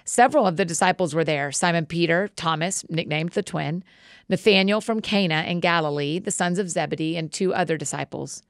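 A woman host reading scripture aloud in a steady, measured way. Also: fairly low pitch, dry recording, studio quality.

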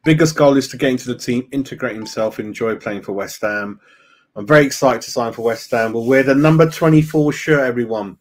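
A man's voice: mid-range voice, brisk. A man hosting a casual fan live stream, chatting loosely, greeting viewers by name and saying "mate" a lot. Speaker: fan channel host.

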